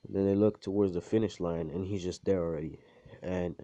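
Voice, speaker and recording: Low-voiced young man rambling a fan story. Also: steady tone, brisk, dark tone. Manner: rambling, profane, filler-heavy slang. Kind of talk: casual improvised fan story. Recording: dull lo-fi home recording.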